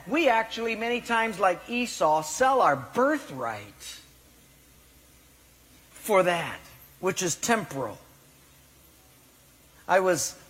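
A man preaching from a church sanctuary, his voice sitting notably high for a man. Long reverb trails after his phrases. He presses up on key words, then sinks to a quiet hush. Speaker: pastor. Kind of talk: sermon. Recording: long reverb of a large hall.

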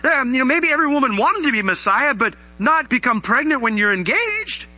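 A middle-aged man preaching a sermon, animated and rising into emphatic questions to his listeners. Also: extremely high pitch, a little fast, low-quality recording. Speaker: pastor.

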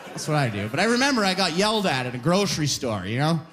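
A man's voice: on the high side, big pitch swings, fast talker, fairly bright tone, a little hiss or hum. A young man from Alberta doing a stand-up comedy set on a club stage, talking loosely with many quoted voices and constant "you know". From Alberta, Canada. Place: comedy club stage before a live crowd.

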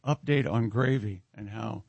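A man's voice: fairly low pitch, unhurried, gravelly, a little mellow, no room sound, dull audio. A man hosting a casual radio show, joking with his co-hosts and reading out listener emails. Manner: jokey, teasing, reads listener emails aloud. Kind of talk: casual morning show banter.

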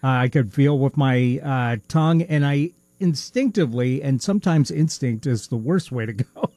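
A man's voice: mid-range voice, normal speed, mellow, no echo. A male podcast co-host chatting casually, rambling through his story with plenty of ums and little laughs. His speech carries a slight lisp, and the recording is dry and close with no room sound. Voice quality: slight lisp from a missing tooth. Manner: rambling, hesitant with many fillers and laughs. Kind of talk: casual chat.

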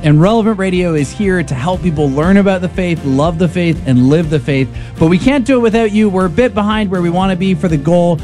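A male radio co-host makes an earnest, persuasive fundraising appeal, sometimes tripping over his words. His voice sits a bit high but sounds mellow. It is recorded dry with faint music underneath. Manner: earnest, persuasive, quick with repetitions. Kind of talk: pledge drive radio appeal.

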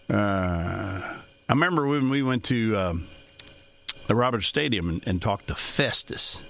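A man's voice: fairly low pitch, expressive, takes it slowly, creaky, long pauses, fairly bright tone, a little hiss or hum. A man in the financial services trade hosting a talk show, rambling in a folksy way with chuckling asides. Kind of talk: casual monologue.

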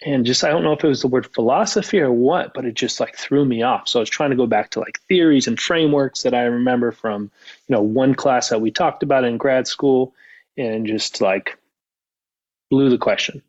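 Calm man coaching, slightly muffled. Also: medium pitch, a little fast. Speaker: mental performance coach and author. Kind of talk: casual podcast conversation.

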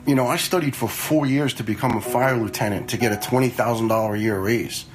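A man's voice: medium pitch, quick pace, low-quality recording. A man in his fifties, a retired fire lieutenant, telling stories in a blunt, conversational way with some swearing. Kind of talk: casual storytelling.

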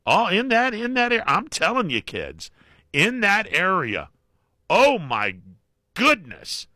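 A man's voice: sits high, huge pitch swings, takes it slowly, bright, forceful tone, dry recording, clean studio sound. A man hosting a call-in radio show, jokey and folksy, often cutting in on callers. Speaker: radio talk show host.

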